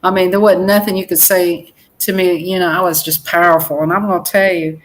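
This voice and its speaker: An older woman co-hosting a family livestream, telling a personal story slowly and emphatically. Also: fairly low pitch, flat delivery, low-quality recording. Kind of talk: casual storytelling.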